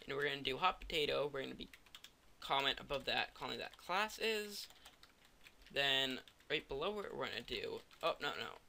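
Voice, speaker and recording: Typing his way through a screen-captured coding tutorial, a worn-out young man wanders verbally, voicing his thoughts and teasing himself. He has a fairly high, sharp-toned voice with vocal fry, and faint hiss or hum is audible.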